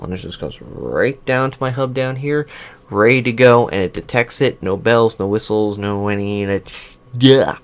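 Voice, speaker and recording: A man talks casually into a USB desk microphone in his computer room, reviewing it for his gaming channel. His voice sits at an ordinary middle pitch. He rambles, loops back and restarts sentences as he flips between settings. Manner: rambling, restarts sentences, switches mic settings while talking. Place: home computer room with whirring fans. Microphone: USB desk microphone, switching pickup patterns.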